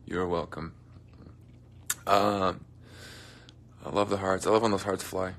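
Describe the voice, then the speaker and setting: Slow and flat in delivery, with a low voice and long pauses, a young man hosts a casual livestream from his dressing room. He reads comments and jokes playfully with viewers, sometimes sinking into soft mumbles.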